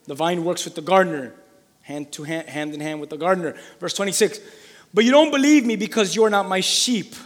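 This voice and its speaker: High-pitched guy preaching, really fervent, keeps repeating stuff, big echoey hall. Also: brisk. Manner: fervent, repeats phrases for emphasis, builds to shouting. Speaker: pastor. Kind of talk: sermon.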